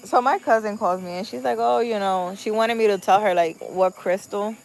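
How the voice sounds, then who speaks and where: A woman's voice: medium pitch, normal speed, creaky, low-quality recording. A young woman, a spiritual healer, telling a story in a casual, chatty way. She repeats her phrases and acts out the voices in her retelling. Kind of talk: casual late-night storytelling.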